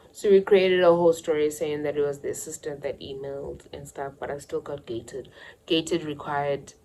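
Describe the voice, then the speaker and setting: Casting: young South African woman, low-pitched for a woman, animated storyteller doing the voices of her family, faint hum behind. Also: rough recording. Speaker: YouTuber. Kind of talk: casual storytime.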